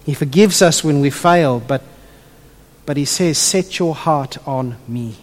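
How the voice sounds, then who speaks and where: A man delivers a sermon in a high voice. He preaches with animation and softens his voice to tell a story. The sound carries the long reverb of a church hall. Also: a little slow. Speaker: pastor.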